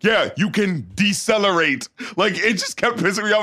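A man's voice: high voice, expressive, normal speed, sharp tone. A man in a casual film discussion, ranting animatedly with profanity and mockery.

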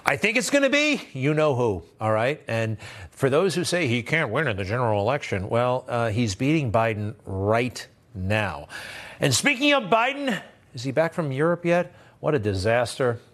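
A man's voice: medium pitch, very animated, normal speed, a bit bright. A man hosting a news show, giving blunt, sarcastic political commentary in a conversational way. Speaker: host.

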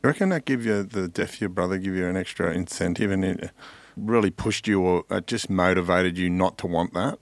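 Podcast host, low gravelly voice with plenty of fry, short casual prompts. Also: male voice, a little fast, hardly any pauses, no echo. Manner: brief prompting, mostly listening. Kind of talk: casual interview.

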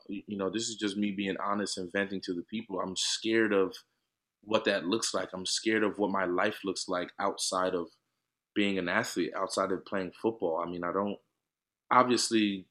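Thirties male athlete co-host, low voice, animated and emphatic delivery. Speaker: podcast co-host, professional football player. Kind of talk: casual chat.

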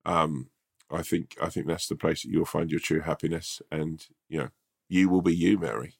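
A man's voice: extremely low pitch, fairly even intonation, moderate pace, gravelly, breathy edge. A man co-hosting a casual advice podcast, laid-back and rambling, giving heartfelt advice with lots of restarts. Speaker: podcast co-host.

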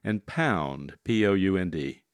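A man running a word puzzle on radio, calmly spelling words out letter by letter and explaining the next challenge. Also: low voice, measured pace, clean tone, dry recording, studio quality. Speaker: puzzle master.

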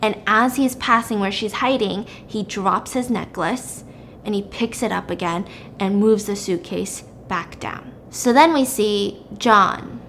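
A woman retelling a drama plot in a chatty, lively way with casual fillers. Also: mid-range voice, creaky, slight background noise. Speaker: drama recapper. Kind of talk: casual story recap.

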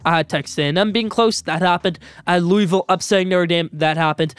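A young man hosting a solo sports podcast, giving blunt, opinionated rapid-fire picks. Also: sits high, clean tone, no echo, studio quality.

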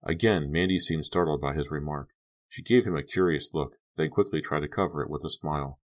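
Very deep-voiced male audiobook narrator. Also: fairly quick. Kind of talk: scripted narration.

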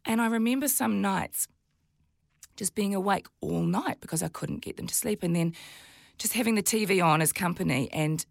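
A New Zealand woman in her forties, a guest on a talk show, telling her own story in an animated way and jumping up in pitch when she quotes herself. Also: normal speed, vocal fry, dry recording, studio quality. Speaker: guest, TV presenter and mother of twins. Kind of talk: candid interview chat.

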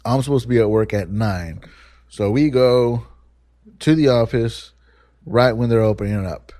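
A man with a dark, mellow voice tells a rambling story full of swearing, casual and animated. His voice is close and dry on a podcast microphone, with no room sound. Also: mid-range voice, moderate pace, dry recording.

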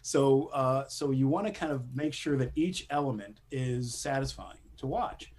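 A man's voice: mid-range voice, moderate pace, darkish tone. A man, a screenwriter, talking casually in an interview with lots of fillers and restarts. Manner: rambling, many fillers and restarts, laughs often. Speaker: animation screenwriter guest.

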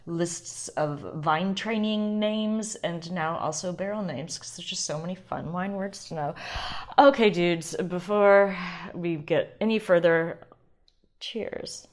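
A woman hosting a wine podcast alone, talking casually and excitably and often sidetracking herself. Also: fairly low pitch. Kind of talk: casual solo wine talk.

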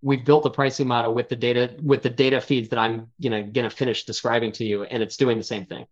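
A man's voice: mid-range voice, level tone, fast. Man, founder guest, casual interview, thoughtful explaining, lo-fi sound. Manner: thoughtful, explanatory, frequent fillers. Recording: slightly dull lo-fi audio.

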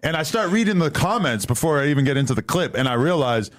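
A man's voice: on the high side, lively intonation, fast, no room sound, studio quality. A man hosting a podcast, asking probing questions and dropping short replies in casual chat. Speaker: podcast host.

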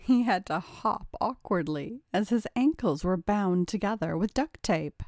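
A woman reads a storybook aloud in a steady, even tone, a little slowly. Her voice sits at a middle pitch, and the recording is dry and close with no echo or room sound.

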